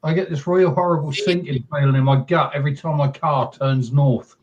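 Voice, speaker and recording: A man's voice: on the high side, steady tone, a little fast, darkish tone. Dry, joking man with muffled audio. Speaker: chat room participant. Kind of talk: casual banter.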